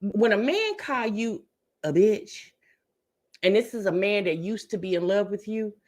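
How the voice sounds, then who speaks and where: A woman's voice: medium pitch, animated, a little slow, a little mellow. A woman hosting a reaction channel, chatting to viewers and calling them y'all and baby. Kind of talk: casual commentary to viewers.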